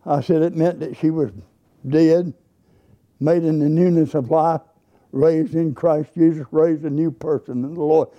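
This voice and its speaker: A man's voice: a little high, fairly even intonation, unhurried, dull audio. An older man, a Baptist preacher telling a story in a sermon and acting out both sides of the dialogue in a folksy way.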